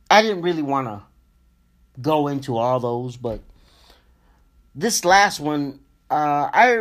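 Young male host, slow, emotional storyteller, swears, talks straight to his audience. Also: fairly high pitch. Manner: slow, emotional, profane, addresses listeners as ladies and gentlemen. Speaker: podcast host. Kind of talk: personal storytelling monologue.

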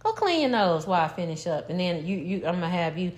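Lowish-voiced middle-aged woman telling a story. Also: fast talker. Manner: profane, animated, laughs while telling story. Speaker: podcast co-host, mother. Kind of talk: casual storytelling chat.

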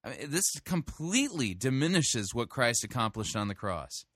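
A man critiques a sermon in pointed, deliberate commentary. His voice is bright and forward, and the sound is dry and close. He speaks with firm emphasis. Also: mid-range voice, big pitch swings, no room sound. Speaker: host reviewing a sermon. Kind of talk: podcast commentary.

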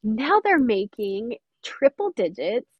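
A woman's voice: a little high, big pitch swings, slow pace, husky, no room sound, dull audio. A woman mentor talking earnestly and emphatically in an interview. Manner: earnest, emphatic, quotes others often. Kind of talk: interview conversation.

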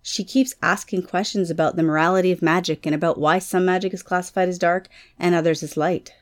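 A man reading aloud and voicing a gracious noblewoman who speaks softly with a wry, gentle manner. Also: sits high, fairly even intonation, brisk, pitched above the performer's own voice, lightly acted.

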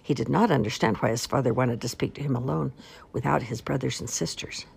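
A woman narrating a children's storybook in a gentle, expressive read-aloud manner. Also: a bass voice, brisk, creaky, slightly rough. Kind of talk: storybook reading.

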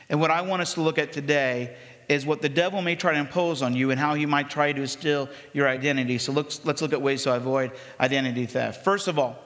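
A man, the pastor, preaching a sermon in a conversational, energetic way, acting out the voices of people in the story. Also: on the high side. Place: church sanctuary. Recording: long reverb of a church hall.

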